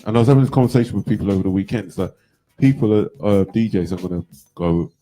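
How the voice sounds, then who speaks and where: A man's voice: lowish voice, fast, mellow, poor audio. A middle-aged man co-hosting a casual radio chat and reflecting on the scene.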